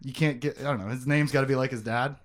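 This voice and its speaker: A man hosting a casual book-discussion podcast, recapping the story with jokes and quick asides. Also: medium pitch. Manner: animated, joking, quick asides. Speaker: podcast host.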